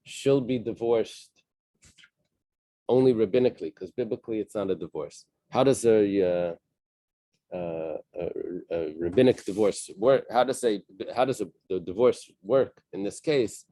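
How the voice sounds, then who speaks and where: A man leading a Talmud study class, reading Aramaic passages and translating them in a casual, halting way with many fillers and restarts. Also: lowish voice, dark tone, no room sound. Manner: casual, thinking aloud.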